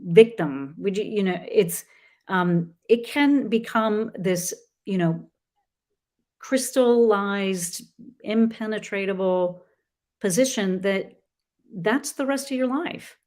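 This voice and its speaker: A middle-aged woman, a guest author in a conversational interview, who talks in an earnest, halting way with many restarts. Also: medium pitch, darkish tone.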